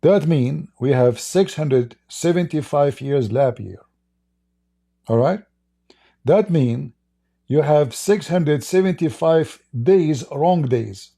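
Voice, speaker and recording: Arab-accented male debater, gravelly and husky, sarcastic, repeats himself, stumbles into restarts. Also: a little high, expressive, slow, mellow. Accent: Arabic. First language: Arabic. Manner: sarcastic, repetitive, stammering restarts. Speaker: online religious debater. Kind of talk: addressing viewers in a stream.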